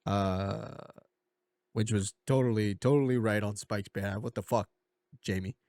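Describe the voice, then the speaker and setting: A man's voice: lowish voice, fairly even intonation, measured pace, darkish tone, no echo, clean studio sound. A man casually recapping a movie plot for a video essay, rambling with lots of fillers and a slight cough. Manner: rambling, filler-heavy, slips into goofy impressions. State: coughing a bit.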